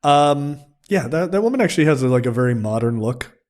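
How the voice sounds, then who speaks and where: A man's voice: fairly high pitch, lively intonation, fairly quick, a little mellow. A man co-hosting a film review podcast, casually recapping scenes and acting out characters' lines.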